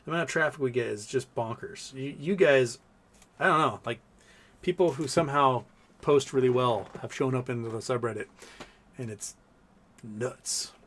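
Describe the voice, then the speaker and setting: A man's voice: medium pitch, moderate pace, fairly bright tone, slight background noise. A man hosting a casual livestream, reading viewer comments aloud and chatting to his pets between them. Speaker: livestream host.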